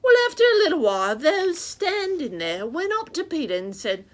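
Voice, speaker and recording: A woman's voice: high voice, big pitch swings, moderate pace, slight background noise. A woman voicing a chatty rooster puppet who reads Bible stories to children, with a sing-song, rhyming way of talking straight to the kids. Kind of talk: children's show reading.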